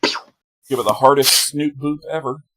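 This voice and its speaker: Jokey tabletop player with a middle-pitched voice on a call. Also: steady tone, unhurried, background noise. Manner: playful, jokey. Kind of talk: casual tabletop game chat. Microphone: online voice call.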